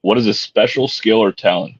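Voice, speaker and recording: A man's voice: on the low side, fairly quick, slightly rough, no room sound. A man co-hosting a podcast in casual chat, laid-back, swearing and joking as he asks questions. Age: adult. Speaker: podcast co-host asking questions. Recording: dull dry lo-fi sound.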